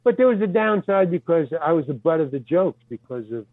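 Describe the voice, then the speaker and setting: Older man, rambling storyteller, stammers and swears, slightly high voice, tinny dry phone-like sound. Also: expressive, a little fast, no echo. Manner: stammering restarts, casual swearing. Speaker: guest actor telling stories.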